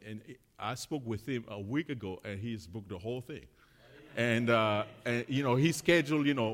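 A man, a missionary, sharing testimonies in church in a chatty, halting way with many fillers. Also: lowish voice, in a large hall. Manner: chatty, many fillers and restarts, laughs often.

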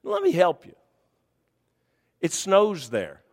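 A man preaching a sermon in a folksy, conversational way, dropping to quiet murmurs and rising to high shouts. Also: huge pitch swings, slow pace, in a large hall.

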